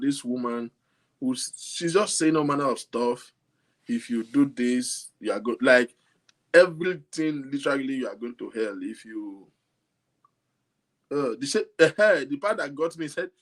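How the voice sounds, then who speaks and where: A man's voice: medium pitch, lively intonation, normal speed. A man with a Nigerian accent talking casually to camera, amused and incredulous, laughing often as he comments. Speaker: vlogger.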